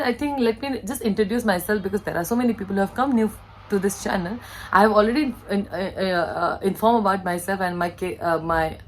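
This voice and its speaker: A woman in her thirties with an Indian English accent chats to the camera from her room at home. She rambles from one thought to the next and keeps correcting herself mid-sentence, at a middle pitch. Faint room ambience sits behind her voice. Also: slight background noise, low-quality recording. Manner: chatty, rambling, self-correcting. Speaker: vlogger. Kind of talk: casual chat to camera. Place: bedroom at home.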